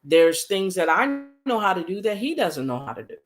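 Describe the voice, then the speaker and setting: A woman's voice: medium pitch, very animated, moderate pace, soft background music. A woman vlogger speaking earnestly in a casual, conversational way, repeating her points for emphasis and using folksy phrasing with frequent fillers. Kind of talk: casual talk to camera.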